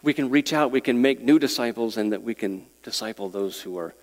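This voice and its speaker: A man's voice: mid-range voice, fairly quick, a little mellow. Man, pastor, sermon, earnest, stammering repeats, church hall reverb. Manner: earnest, repeats words, chuckles between points. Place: church sanctuary.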